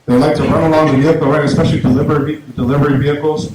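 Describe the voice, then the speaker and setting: Male stand-up comic, slightly high voice, rambling delivery; very echoey small-venue recording with faint noise. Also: little pitch movement, very fast. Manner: rambling, restarts often, acts out quotes in a raised voice. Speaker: stand-up comedian. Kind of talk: stand-up storytelling.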